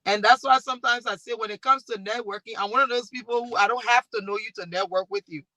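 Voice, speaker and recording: A woman with a Liberian accent, speaking on a discussion panel and telling stories in a lively way with many restarts. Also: fairly high pitch, quick pace, dry recording, rough recording. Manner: animated storytelling with restarts. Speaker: talk show host and panelist.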